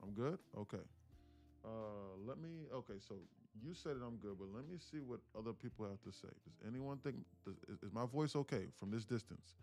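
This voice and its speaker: A man's voice: medium pitch, animated, a little fast, dark tone, faint music behind. A man hosting a day-trading livestream in a loose, chatty way, swearing casually and answering his chat, sitting about a foot from his mic.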